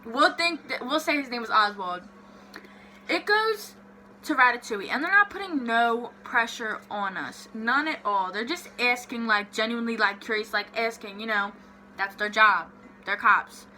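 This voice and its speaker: A young woman vlogger telling a story in a casual, animated way, swearing freely and saying "like" a lot. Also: a little high, moderate pace, slight background noise.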